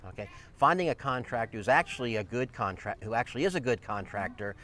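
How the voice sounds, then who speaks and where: Fast-talking man with a steady, emphatic delivery. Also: medium pitch. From lived in northeast Georgia. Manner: emphatic, keeps checking in with "okay?". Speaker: real estate agent and channel host. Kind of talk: casual chat to camera.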